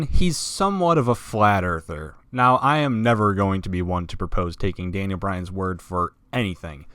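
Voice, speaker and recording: A man's voice: on the low side, no echo. Sarcastic man hosting a wrestling countdown. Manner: sarcastic, swears, jumps to loud emphasis. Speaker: wrestling list video host. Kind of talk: scripted commentary narration.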